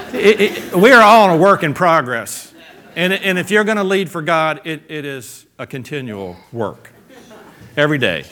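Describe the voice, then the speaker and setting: A man's voice: on the high side, bright, forceful tone. A man preaching a sermon in a playful, emphatic way, cracking jokes and acting out little quotes as he goes.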